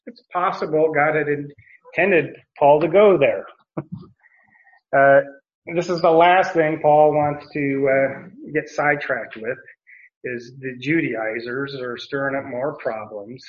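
A man's voice: on the high side, slow, highs cut off. A man teaching through a bible passage verse by verse, talking in a loose, conversational way with frequent fillers and little chuckles.

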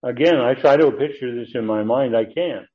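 A man teaching a verse-by-verse Bible study lecture, talking in a halting way with frequent fillers and restarts. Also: mid-range voice. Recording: tinny phone-like audio.

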